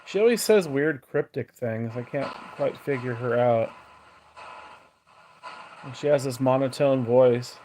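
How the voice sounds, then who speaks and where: A man's voice: medium pitch, a little slow, pauses often, mellow, a little hiss or hum, rough recording. A man running a ghost box session, coaxing spirits with questions in a casual way. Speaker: paranormal investigator. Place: house, indoors.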